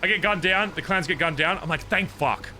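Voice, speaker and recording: Bright, forceful young man recounting in character. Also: high-pitched, brisk, faint music behind. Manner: animated, profane, rambling recounting. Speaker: roleplay streamer. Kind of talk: in-character storytelling to other players.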